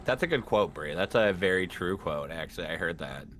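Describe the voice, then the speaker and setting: Low bright-toned teasing man. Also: animated, a little fast, slight background noise. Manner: teasing, crude, swears. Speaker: co-player. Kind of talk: casual gaming chat.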